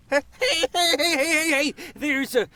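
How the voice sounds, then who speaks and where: A man voicing an excitable dog, yappy and indignant about his bone. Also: extremely high pitch, takes it slowly, pitched above the performer's own voice, full character voice. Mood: alarmed.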